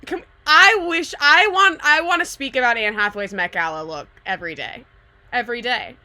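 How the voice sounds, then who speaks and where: High bright giggly young woman vlogging. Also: animated, normal speed, poor audio. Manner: gushing, giggly, says "like" and "literally" a lot. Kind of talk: casual excited vlog chat.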